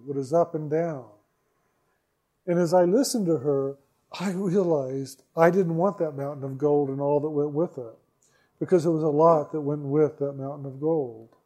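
A man telling a personal story in a slow, reflective way, repeating phrases for emphasis. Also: fairly high pitch, mellow. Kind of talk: storytelling talk.

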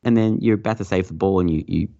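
Gravelly deep-voiced sweary man. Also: fast talker. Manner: sweary, laughing, animated storytelling. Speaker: pinball podcast guest. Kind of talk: casual chat. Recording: muffled lo-fi mic.

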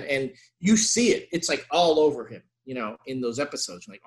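A man co-hosting a casual podcast chat, talking in an animated, exasperated, ranting way. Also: medium pitch, brisk. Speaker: podcast co-host.

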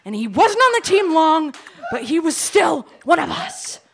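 A woman's voice: a little high, very animated, moderate pace, fairly bright tone. A woman playing a brash swearing wannabe villain. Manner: cocky, swearing constantly. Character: brash foul-mouthed young villain wannabe, gun-waving mugger. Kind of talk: comedy audio drama.

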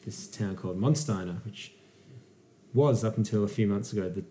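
Man, podcast co-host, casual beer chat, rambling storyteller, lowish pitch, dark mellow tone. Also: moderate pace, a little hiss or hum.

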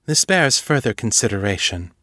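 A man voicing a formal, measured woman ruler in an audiobook reading. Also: fairly low pitch, big pitch swings, sharp tone, dry recording, studio quality.

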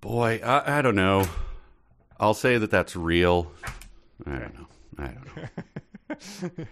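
A man's voice: on the low side, very animated, takes it slowly, a bit bright, a little hiss or hum. A man chatting as a guest, playful and laughing often, hesitating over his guesses. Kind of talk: casual chat.

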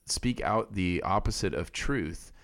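Co-host, male, very low voice, relaxed and joking, counselor type. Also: a little slow. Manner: joking, easygoing. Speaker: podcast co-host, biblical counselor. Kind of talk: casual podcast chat.

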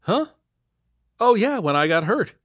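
A man's voice: high-pitched, sing-song, unhurried, a bit bright, dry recording, studio quality, pitched above the performer's own voice, exaggerated voice. Man voicing a chipper cop colleague. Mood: friendly. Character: friendly male police officer.

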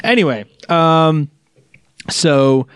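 A man's voice: a little high, lively intonation, extremely slow, fairly bright tone, clear, resonant tone, dry recording, studio quality. A man co-hosting a casual chat podcast, rambling with many restarts and fillers. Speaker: podcast co-host.

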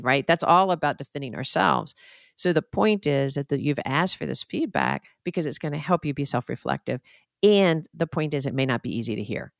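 A woman's voice: low-pitched, animated, a little fast, gravelly, no room sound, studio quality. A woman therapist co-hosting a podcast, explaining in an earnest, reflective, conversational way. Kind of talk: casual conversational advice.

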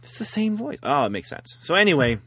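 A man's voice: a little high, very animated, a little fast, a bit bright, husky. A man rambling through a story in casual chat as a podcast host, laughing at his own jokes.

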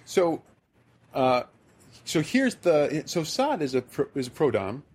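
A man's voice: fairly high pitch, big pitch swings, takes it slowly, a little mellow, breathy edge. A man from the American Midwest hosting a podcast, telling a rambling, self-deprecating story in casual chat. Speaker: podcast host.

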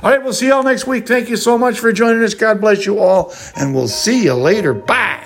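A male host who tells a joke in a folksy, animated way and then signs off the show. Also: high-pitched, brisk, gravelly, faint music behind. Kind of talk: joke telling and show sign-off.

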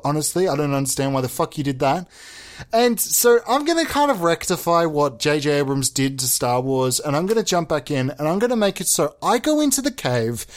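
A man with a slightly high voice holds forth in comic, mock-pompous monologues. He rambles and curses as he builds his absurd points.

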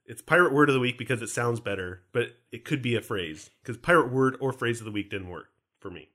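Bright-voiced joking male podcast host. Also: medium pitch, a little fast. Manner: joking, teasing, animated. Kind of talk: casual podcast banter.

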